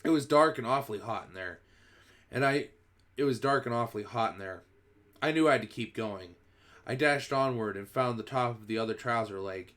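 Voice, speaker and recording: A man's voice: medium pitch, brisk, a bit bright. A man streaming a first-person read-through of a children's book, reading expressively and often going back to restart a phrase.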